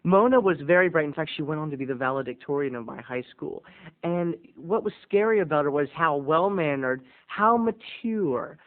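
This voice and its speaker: A man hosting a video blog, telling a comic story with theatrical swings between booming and hushed. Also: expressive, normal speed. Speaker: vlog host. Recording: tinny phone-like audio.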